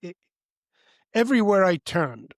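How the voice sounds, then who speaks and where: A man's voice: big pitch swings, a little slow, dry recording, studio quality. A man in his fifties, a podcast guest telling his life story in an emphatic way. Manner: emphatic, breaks into high loud voices when quoting.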